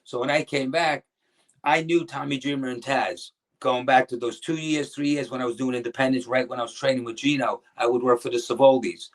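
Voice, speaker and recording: A middle-aged former pro wrestler from New Jersey, appearing as a guest, trades old stories in a laid-back interview. He talks briskly, wandering and restarting sentences and mimicking the voices of the people he quotes, with a pitch in the ordinary male middle range.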